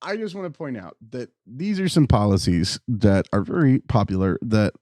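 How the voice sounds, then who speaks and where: A man's voice: mid-range voice, animated, normal speed, mellow, no room sound. A man co-hosting a political podcast, wry and teasing in casual chat. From United States. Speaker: podcast co-host.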